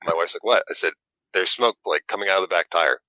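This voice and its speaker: A man, a guest who makes models, telling an animated story in casual chat and acting out the quotes with little stammers. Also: low-pitched, fast talker, no echo, poor audio.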